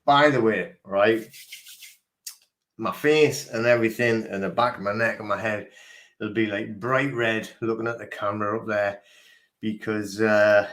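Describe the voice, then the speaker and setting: A man hosting a casual livestream, talking in a halting, rambling way with many fillers, emotional and grieving. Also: on the low side, fairly even intonation, fairly bright tone. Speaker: livestream host. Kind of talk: casual live-stream chat.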